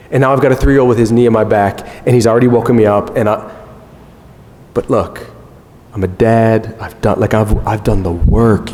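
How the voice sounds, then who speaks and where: A man in his thirties giving a conference talk, telling a self-mocking family story in an animated way. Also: mid-range voice. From United States. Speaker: conference speaker. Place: large conference hall. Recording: long hall reverb.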